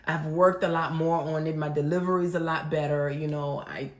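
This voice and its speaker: A woman from Africa in a casual couple's conversation, frank and quick to laugh. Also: sits low, echoey room. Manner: laughs often, frank, excitable. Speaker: co-host.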